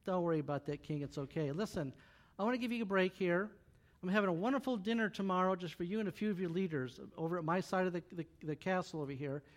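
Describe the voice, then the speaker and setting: Man putting on a quiet, lower coaxing young queen, hushed storytelling voice. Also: fast, lightly acted. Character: pleading young queen, soft and gracious.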